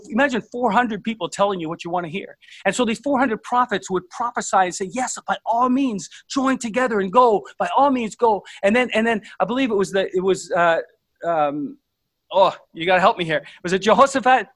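A man's voice: sits high, a bit bright, no echo. A man preaching a sermon earnestly, stumbling over restarts as he tells stories to his congregation. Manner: earnest, halting, many restarts.

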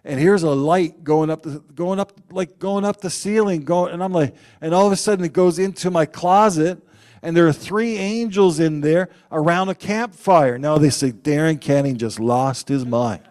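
A man preaching a sermon, telling personal stories in an animated way and acting out the quotes loudly. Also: a little high, normal speed.

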